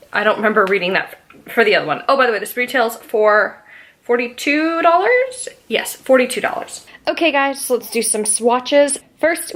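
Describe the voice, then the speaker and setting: A woman reviewing a foundation in a casual beauty vlog, chatty and apologetic, with the hiccups. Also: mid-range voice. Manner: chatty, apologetic, reads labels aloud. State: has the hiccups. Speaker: beauty vlogger.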